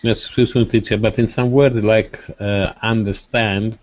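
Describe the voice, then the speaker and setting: A man, a language student, asking questions haltingly and searching for words. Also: fairly low pitch, fairly even intonation, darkish tone. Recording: dry, dull recording.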